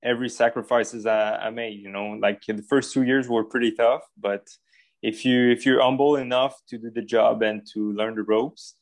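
A man's voice: mid-range voice, flat delivery, normal speed. Easygoing man with a French accent. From Ottawa, Canada. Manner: easygoing, many fillers and restarts. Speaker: pro football executive, guest. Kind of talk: casual interview talk.

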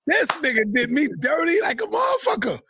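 A man telling a heated, profane story in casual talk, often shouting. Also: extremely high pitch, sing-song, fairly quick, gravelly, slight background noise. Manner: swears a lot, heated. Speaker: guest. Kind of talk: animated storytelling.

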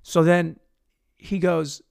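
A man's voice: a little high, slow pace, gravelly, smooth. A man casually retelling a radio story with swearing and put-on voices. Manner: casual, profane, animated retelling. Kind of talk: comedic storytelling.

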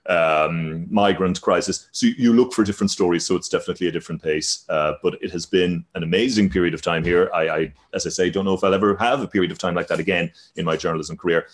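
A man, a news reporter, answering an interview in a measured, reflective way with hedging fillers. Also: low voice, steady tone.

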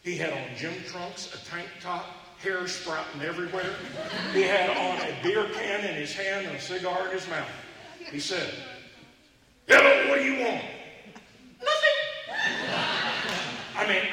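Animated preacher in an echoey hall. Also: male voice, sits high, a little slow. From Texas. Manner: animated, acts out voices in his stories. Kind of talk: storytelling sermon. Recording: echoey hall from far off, noisy.

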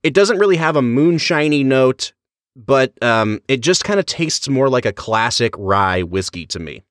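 Animated man co-hosting a podcast. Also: mid-range voice, moderate pace, no echo, clean studio sound. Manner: enthusiastic, chatty, animated. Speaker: podcast co-host. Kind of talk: casual chat.

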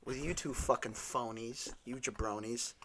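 A young man co-hosting a casual comedy podcast, stubborn and defensive, quick to swear at his friends. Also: mid-range voice, steady tone, crowd noise. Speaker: podcast co-host.

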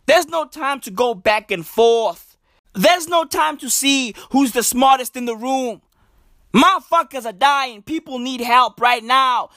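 A stand-up comedian rants profanely through a comedy routine, hammering lines home with repeated catchphrases in an emphatic way. The voice is high and sharp, the pace unhurried, and the recording is dry and studio quality.

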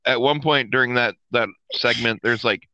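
A man of middle pitch with a bright, forceful voice, laughing constantly as he recounts scenes from a film in casual podcast chat. The sound is dry and close. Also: normal speed, clean tone, no echo, muffled recording. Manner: giggly, laughs a lot, agreeable. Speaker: podcast co-host.

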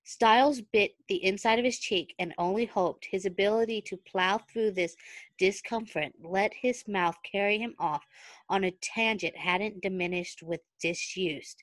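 A woman's voice: mid-range voice, a little slow, a bit bright, no echo. Giggly Southern woman reading fan fiction. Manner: giggly, stumbles and rereads words. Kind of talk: reading fan fiction aloud with chatty asides.

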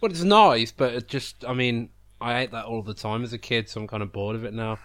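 A man's voice: medium pitch, brisk, a bit bright. A man with a British accent, co-hosting a casual podcast chat, rambling and teasing while he eats. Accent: British English. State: talking while eating. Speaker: podcast co-host.

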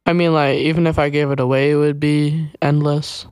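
Smooth-voiced, low-key teenage boy. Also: flat delivery, normal speed, a little mellow, dry recording, clean studio sound. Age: teens. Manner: short, low-key answers. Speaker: guest. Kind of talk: casual chat.

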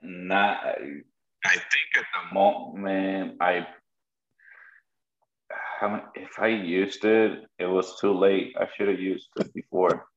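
Low-voiced man with a Spanish accent. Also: steady tone, slow, a bit bright. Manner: joking, storytelling, laughs often. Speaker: podcast host. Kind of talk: casual chat. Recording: dull lo-fi roomy sound.

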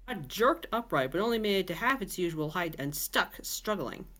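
A woman's voice: lowish voice, expressive, normal speed, fairly bright tone. A woman podcast host reading a novel aloud, with chatty asides and filler words. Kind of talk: casual storybook reading.

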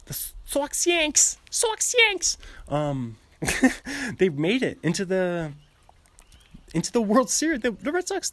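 Walking as he speaks, a young man with a fairly high voice hosts a rambling solo podcast from an outdoor gazebo in light drizzle, laughing frequently and interrupting himself. There's no room sound on the recording.

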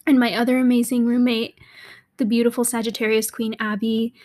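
A woman's voice: fairly high pitch, level tone, fairly quick, a little mellow. A young woman hosting a casual solo podcast, chatty and rambling, laughing often and dropping into half-whispers. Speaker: podcast host. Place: apartment in a city.

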